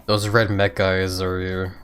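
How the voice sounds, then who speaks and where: A fairly low-voiced man streams a game and keeps up loose, chatty commentary, thinking out loud and laughing now and then. He has the hiccups. Faint game music plays underneath. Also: monotone, slow, clear, resonant tone. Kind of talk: casual gameplay commentary.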